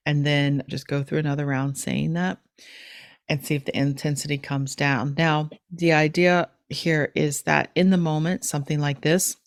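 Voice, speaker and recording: Low-voiced middle-aged woman explaining gently. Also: no echo, studio quality. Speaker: podcast host teaching a technique. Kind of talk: casual instructional chat.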